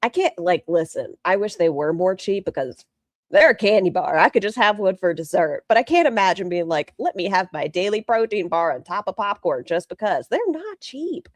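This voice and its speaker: Lively, swearing woman streamer. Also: medium pitch, normal speed, no room sound, studio quality. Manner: chatty, profane, reads chat aloud. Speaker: streamer reacting to a video. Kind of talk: casual live-stream chat.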